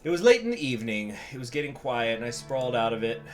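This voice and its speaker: A man's voice: medium pitch, sing-song, fast, faint music behind. A man giving casual let's-play commentary, thinking aloud with wry, joking asides. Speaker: gameplay commentator.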